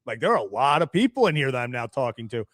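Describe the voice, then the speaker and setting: A man's voice: mid-range voice, fast talker, no room sound, studio quality. A man co-hosting a sports talk show, chatting casually and acting out what others said. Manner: animated, acts out quotes with laughs.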